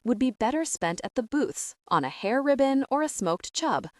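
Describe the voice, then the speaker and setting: A woman voicing a brusque, practical young gentleman suitor who speaks in a dry, low-key murmur. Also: very animated, normal speed, no echo. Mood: dour.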